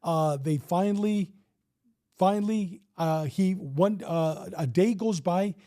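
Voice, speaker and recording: A man's voice: sits high, slow pace, dark tone. A man in his fifties, a retired police officer, telling a story in a casual interview and acting out the dialogue with some swearing.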